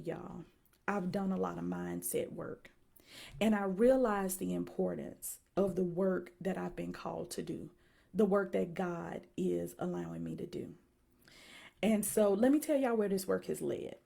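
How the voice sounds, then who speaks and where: An energetic woman with a Southern American accent talks straight to her online audience, full of enthusiasm. Her voice is dark and mellow with a gravelly edge. She sounds like a psychologist in her thirties promoting her speaking work. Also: mid-range voice. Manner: energetic, repeatedly addresses audience as y'all. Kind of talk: live-stream announcement.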